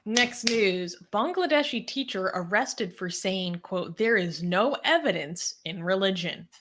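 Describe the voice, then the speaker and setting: A woman's voice: mid-range voice, animated, a little slow, fairly bright tone. Woman co-host reading out news items. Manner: reads quotes aloud, then chats loosely. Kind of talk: reading news and casual chat.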